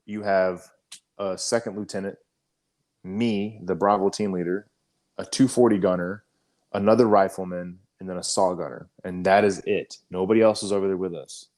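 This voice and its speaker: A man with a fairly low voice recounts a combat story on a casual podcast. He talks loosely and swears often, with plenty of "you know" and "um" between his points. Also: moderate pace. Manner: profane, animated storytelling, frequent fillers. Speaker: podcast co-host, army veteran.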